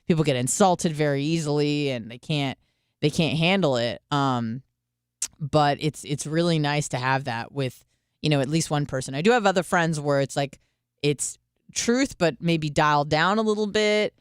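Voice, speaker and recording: A woman's voice: low-pitched, normal speed, clean tone, no echo, studio quality. Candid, chatty woman radio host. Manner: candid, chatty, with profanity and acted-out quotes. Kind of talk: casual monologue.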